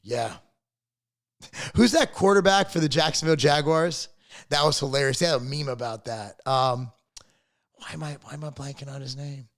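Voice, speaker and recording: A man's voice: medium pitch, moderate pace, long pauses, a bit bright. A middle-aged man hosting his own channel, ranting to camera in a blunt, profane, rambling way and repeating his words. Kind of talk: casual opinion rant to camera.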